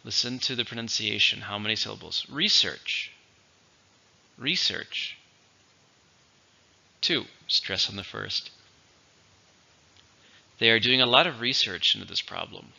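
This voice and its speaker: A man teaching English vocabulary, speaking slowly and deliberately and repeating each word for pronunciation. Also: lowish voice, creaky, pushed and bright, highs cut off. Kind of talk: vocabulary lesson with dictation.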